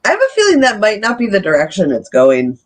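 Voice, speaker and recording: A podcast panelist in casual review chat, measured and hesitant, thinking aloud. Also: mid-range voice, huge pitch swings.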